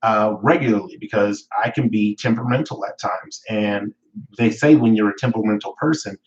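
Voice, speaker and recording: A man's voice: on the low side, brisk, lo-fi sound. A man hosting a weekly live motivational talk, telling a personal story in a candid, reflective way with fillers and self-corrections. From Northern California. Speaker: weekly talk show host.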